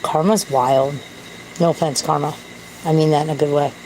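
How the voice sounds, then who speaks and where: A woman's voice: deep voice, steady tone, normal speed, a little mellow, a little hiss or hum, rough recording. A woman talking to camera in a candid, self-deprecating, rambling way. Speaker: vlogger. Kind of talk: casual rambling monologue.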